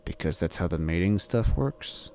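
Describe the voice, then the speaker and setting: A man hosting a let's play, reading the game's text aloud and answering it with jokes and quick laughs. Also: sits low, faint music behind. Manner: animated, joking, quick laughs.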